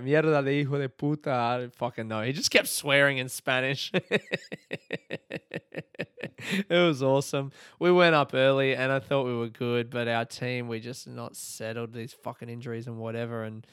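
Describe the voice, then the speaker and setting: A man's voice: fairly high pitch, fairly bright tone, clear, resonant tone, dry recording, studio quality. A young Australian man hosting his own podcast, chatting casually in a rambling, laid-back way with plenty of swearing. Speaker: podcast host. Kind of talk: casual solo podcast chat.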